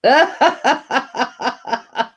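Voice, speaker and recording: A woman's voice: sits high, extremely slow, husky. A woman hosting a casual live stream chat, telling rambling stories and laughing easily.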